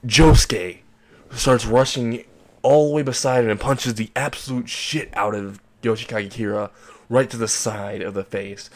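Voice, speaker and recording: Young man rambling through a fan story. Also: fairly low pitch. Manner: rambling, crude, laughs at own jokes. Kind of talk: casual fan-fiction narration.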